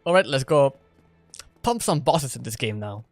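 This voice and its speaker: A man's voice: medium pitch, expressive, normal speed, dry recording, faint music behind. A man streaming a video game in casual chat, playful and laughing often as he talks with his viewers. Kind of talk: casual live gameplay chat.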